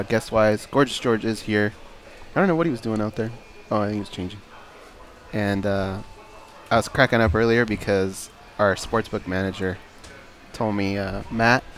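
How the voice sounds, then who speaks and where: A man hosting a radio talk show, telling anecdotes in a chatty way and laughing as he goes. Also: on the low side. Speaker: radio host. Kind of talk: casual radio chat.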